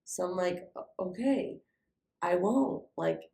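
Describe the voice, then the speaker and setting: A young adult woman co-hosting a podcast tells a story slowly in a lowish voice with vocal fry, in an echoey room. Her delivery is animated and casual, full of "like" and swearing.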